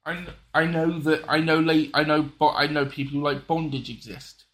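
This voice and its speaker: Man, fairly high voice, casual podcast chat, rambling, restarts a lot, says sorry often. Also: flat delivery, brisk, fairly bright tone. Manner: rambling, restarts sentences, apologetic asides.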